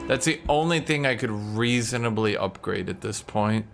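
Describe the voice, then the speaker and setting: A man's voice: fairly low pitch, moderate pace, gravelly, fairly bright tone. Casual male game streamer over music. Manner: frustrated, swears casually, talks to chat.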